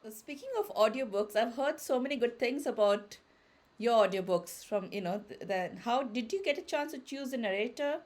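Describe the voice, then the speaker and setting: A woman's voice: on the high side, normal speed, darkish tone. A woman hosting a book podcast, asking her guest questions in a loose way with restarts. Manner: asks questions with restarts and trailing off. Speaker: podcast host. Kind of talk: interview questions.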